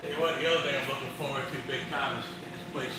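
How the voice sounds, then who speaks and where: A man's voice: mid-range voice, fairly even intonation, fast. A man hosting a live stream from his truck repair shop, chatting casually and reading viewer comments aloud. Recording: echoey shop with machine hum.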